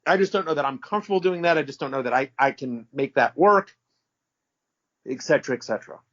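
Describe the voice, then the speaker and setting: Animated rambling man, lo-fi audio. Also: mid-range voice, fast. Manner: animated, rambling, self-correcting, profane. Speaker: interview guest. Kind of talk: casual storytelling interview. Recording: dull lo-fi audio.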